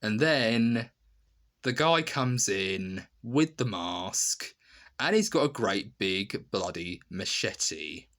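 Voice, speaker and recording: A man with a fairly low voice talks through a review in a loose, rambling way, leaning on filler words. He tells it with animated energy, breaking now and then into quick impressions. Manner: rambling, full of "you know" and "literally". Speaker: video reviewer. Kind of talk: casual spoken review.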